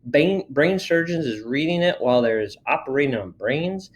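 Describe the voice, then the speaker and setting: A man's voice: a little high, expressive, normal speed. Man reading a children's story aloud. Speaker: reader.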